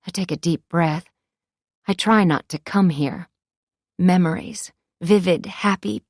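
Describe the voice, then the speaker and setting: Woman audiobook narrator, lower pitch, measured confiding first-person delivery. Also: no room sound, clean studio sound.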